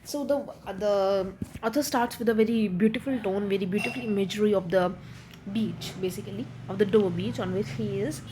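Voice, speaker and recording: A woman's voice: medium pitch, brisk, dark tone, a little hiss or hum. A woman teaching literature, reading lines of a poem aloud and then explaining them in plain words, with many restarts and fillers.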